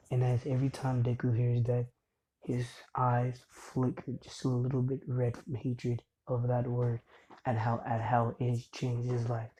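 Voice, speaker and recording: A man talks through a homemade story in an easygoing, meandering way. His voice is very dark and mellow, with a husky edge. His pitch sits in a middle range for a man. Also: rough recording. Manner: rambling, loose retelling. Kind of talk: casual fan-fiction retelling.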